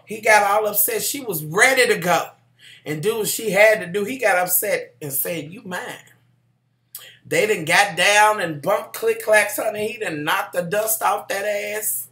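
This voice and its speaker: A middle-aged woman chats through a TV review, salty and sassy, calling her viewers honey. Her voice is bright and forward. The room around her gives it a roomy echo. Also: medium pitch, moderate pace. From Kentucky, USA. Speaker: TV show reviewer. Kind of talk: casual chatty review.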